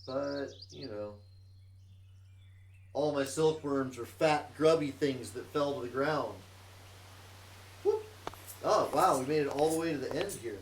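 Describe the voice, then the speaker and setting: A man's voice: medium pitch, measured pace, pauses often. Man humming through chatty gameplay commentary. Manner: chatty, hums tunelessly to himself while working. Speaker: streamer playing a modded block game in VR. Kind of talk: casual let's-play commentary. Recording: roomy, distant mic with clear noise.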